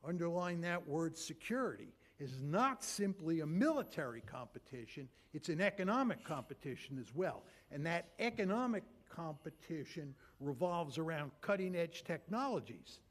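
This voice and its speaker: Male lecturer, somewhat high voice, blunt, emphatic, hammers points with repeated phrases. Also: big pitch swings, moderate pace, few pauses. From United States. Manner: emphatic, blunt, builds arguments with rhetorical questions and repetition. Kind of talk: lecture to an audience.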